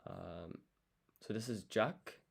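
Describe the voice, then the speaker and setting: A man thinking aloud through a language study session, sounding out foreign words slowly syllable by syllable and muttering self-corrections. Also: fairly low pitch, vocal fry. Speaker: language learner streaming his study.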